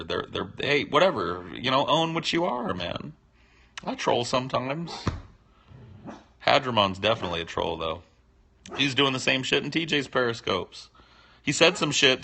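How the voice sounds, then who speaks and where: A man's voice: mid-range voice, creaky, pushed and bright, slight background noise. A man hosting a livestream, answering chat questions in a rambling, teasing, profane way. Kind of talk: casual unscripted chat.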